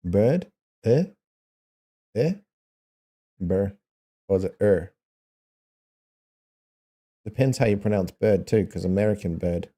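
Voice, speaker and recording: A man's voice: fairly low pitch, slow pace, pauses often, dark tone. A man with a New Zealand accent chatting casually with viewers, playfully sounding out foreign words and laughing often. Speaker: streamer.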